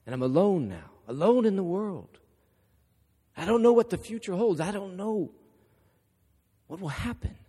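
An anxious grieving widow, voiced by a preacher. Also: male voice, high voice, expressive, normal speed, pauses often, mellow, breathy edge, pitched above the performer's own voice. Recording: echoey hall.

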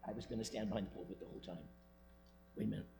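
A man's voice: lowish voice, fairly even intonation, racing, vocal fry, background noise. A man preaching a sermon as pastor, emphatic and joking, repeating his key points. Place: church sanctuary, speaking from the pulpit. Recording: long church reverb, faint music.

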